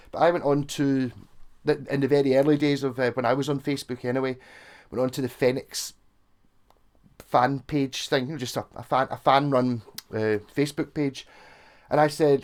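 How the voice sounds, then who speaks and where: A Scottish man with a voice a touch higher than most talks through a guitar review in a loose, rambling way. He is frank and swears freely. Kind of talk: casual gear review chat.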